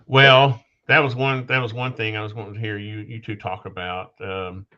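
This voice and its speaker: Halting man with a bright, dull-sounding voice. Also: lowish voice, flat delivery. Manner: halting, loses his train of thought. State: coughing now and then. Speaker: podcast host. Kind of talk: casual conversation.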